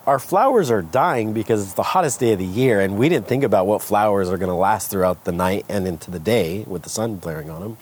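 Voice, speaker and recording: A man from California, a guest entrepreneur, candidly telling his story with animated retellings of what people said. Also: on the low side, brisk, hardly any pauses, breathy edge. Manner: animated, acts out quoted voices. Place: outdoors by a smoky fire.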